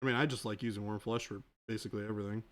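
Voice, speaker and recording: A man's voice: fairly low pitch, fairly even intonation, rapid-fire. A man co-hosting a hobby livestream, answering chat questions in an easygoing way with a lot of fillers. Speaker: co-host of a miniature painting livestream.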